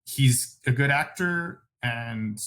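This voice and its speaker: A man co-hosting a casual podcast chat, giving blunt opinions and quick apologetic asides. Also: medium pitch, a bit bright. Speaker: podcast co-host.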